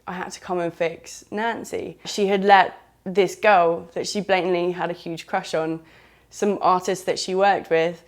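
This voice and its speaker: A southern English woman recounts her own story in a frank, rambling, chatty manner, dropping in British slang as she goes. Her voice sits a little low for a woman. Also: steady tone, unhurried. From southern England. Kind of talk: candid first-person storytelling.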